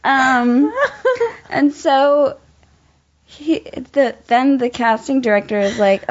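A young adult woman, an actor, telling an animated story in casual chat, laughing often and using many fillers. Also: sits high, slow pace, a little hiss or hum. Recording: dull lo-fi sound.

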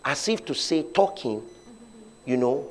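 A man's voice: mid-range voice, expressive, measured pace. A man preaching a sermon as pastor, leading the congregation in call-and-response declarations.

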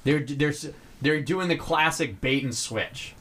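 A man's voice: a little high, fairly bright tone, slight background noise. Rambling man recapping a film. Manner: rambling, profane, halting restarts. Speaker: podcast co-host. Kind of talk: casual chat, film recap.

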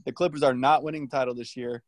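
A man's voice: medium pitch, fairly even intonation, quick pace, dry recording. A man co-hosting a casual sports podcast, ranting blunt hot takes with heavy swearing. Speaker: podcast co-host.

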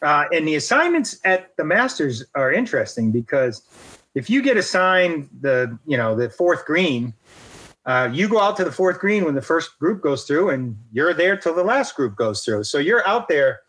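A man's voice: fairly high pitch, sing-song, normal speed, a bit bright, breathy edge, rough recording. Self-deprecating man telling a story. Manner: anecdotal and self-deprecating, with frequent fillers. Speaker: guest, golf rules official. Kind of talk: storytelling in an interview.

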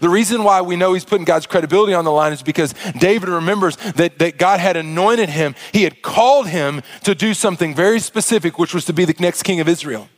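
High-pitched guy preaching a sermon, fired up, lots of and-and restarts. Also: fast talker, few pauses. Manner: impassioned, stammering restarts, swings from hushed to loud. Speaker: pastor.

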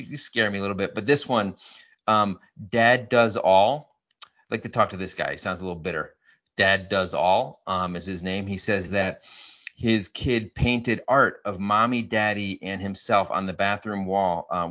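A man's voice: sits low, moderate pace, fairly bright tone. A man in his thirties, a father co-hosting a podcast, chatting in a jokey, rambling way and reading out listener comments. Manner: jokey, rambling, frequent "right?" tags. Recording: slightly muffled recording.

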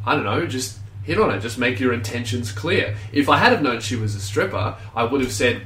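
A man's voice: mid-range voice, fairly quick, far from the mic, faint music behind. A young man co-hosting a podcast, telling stories and acting out what other people said. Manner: animated storyteller, acts out quoted lines. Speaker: podcast co-host. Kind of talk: casual storytelling banter. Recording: roomy sound, off-mic, faint ambience.

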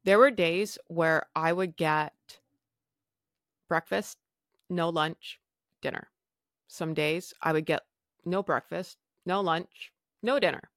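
A woman with a lowish voice tells a candid personal story in a blunt, swearing way. She acts out the people she quotes as she goes. The sound is dry and close, with no room around it. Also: takes it slowly, long pauses, no echo. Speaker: podcast host.

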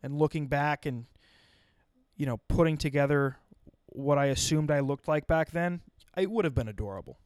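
A man's voice: fairly high pitch, normal speed, a little mellow, clear, resonant tone, dry recording. A young man telling a comic story in a rambling, wry way, often interrupting himself. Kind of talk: comedic storytelling monologue.

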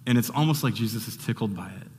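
A man's voice: fairly low pitch, quick pace, a little mellow, long reverb tail, slight background noise. A man giving a sermon as a pastor, talking in a loose, conversational way with restarts and fillers.

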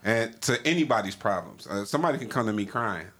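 A man's voice: lowish voice, lively intonation, quick pace, a bit bright. Candid slang-talking podcast host, man. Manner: candid, rambling, street slang. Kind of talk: casual chat.

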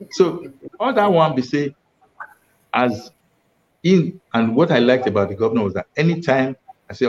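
A Nigerian man tells his stories as an interview guest, slipping into the voices of the people he quotes. His delivery is lively and digressive. The recording is dull and muffled. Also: mid-range voice, normal speed, pauses often. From Edo State, Nigeria. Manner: animated storyteller, acts out quoted speech. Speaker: interview guest, former state information official. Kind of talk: storytelling in Nigerian Pidgin.

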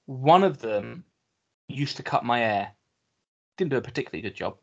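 A man's voice: medium pitch, expressive, normal speed, creaky. A British man co-hosting a podcast in a casual chat, dry and wry, swearing casually. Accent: British English. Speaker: podcast co-host. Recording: dull lo-fi sound.

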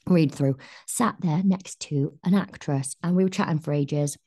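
A young Welsh actress telling lively anecdotes in a podcast chat, acting out quotes and talking in quick bursts. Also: female voice, low voice. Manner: animated storyteller, acts out quotes, quick bursts. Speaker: actress guest.

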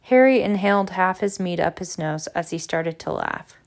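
Woman reading a book chapter out loud, lively, trips over words here and there. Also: fairly low pitch, normal speed, gravelly. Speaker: audiobook reader. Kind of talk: storybook narration.

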